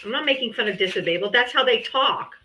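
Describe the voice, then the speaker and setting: Bright, animated woman mocking her critics. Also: fairly high pitch, fairly quick, slight background noise, rough recording. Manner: mocking, profane, exasperated. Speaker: livestream host. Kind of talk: heated live debate chat.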